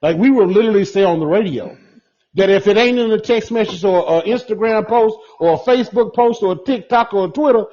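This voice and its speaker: A man's voice: high voice, brisk, mellow. A man, a bus driver, chatting casually and repeating himself for emphasis. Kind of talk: casual chat. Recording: dull, lo-fi sound.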